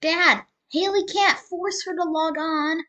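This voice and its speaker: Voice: extremely high pitch, fairly even intonation, slow pace, sharp tone, heavily acted. Young actor as a snarky resentful son. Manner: snarky, incredulous. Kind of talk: school play over video call.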